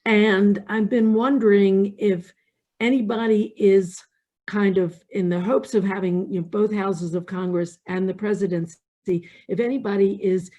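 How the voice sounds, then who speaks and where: Woman audience member, slow and mellow, asks a careful question on a video call. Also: medium pitch, steady tone, dull audio. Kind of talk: posing a question.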